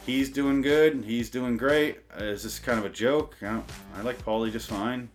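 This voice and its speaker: A man's voice: mid-range voice, fairly even intonation, moderate pace, soft background music. A man reading a sarcastic comic rant, then rambling off-script, swearing and mocking himself with lots of restarts. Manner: self-deprecating, stumbles and restarts. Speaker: comedy podcaster reading a bit.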